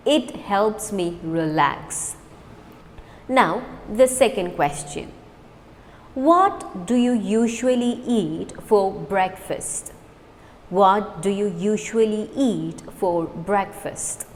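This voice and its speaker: A woman teaching an English speaking lesson, reading practice sentences aloud and encouraging learners in a slow, clear manner. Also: medium pitch. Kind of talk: language lesson with slow drills. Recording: long reverb, faint ambient noise.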